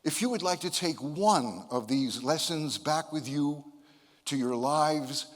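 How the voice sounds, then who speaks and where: Older male speaker, slightly high voice, playful self-mocking storyteller, long hall reverb. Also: takes it slowly, fairly bright tone. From United States (Connecticut). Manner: playful, self-deprecating, humorous. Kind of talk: motivational talk with storytelling.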